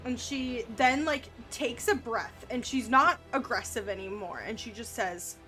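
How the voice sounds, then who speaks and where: Slow-talking woman game master. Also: fairly high pitch, bright, forceful tone, faint music behind. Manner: unhurried, conversational narration with fillers. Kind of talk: narrating a tabletop game.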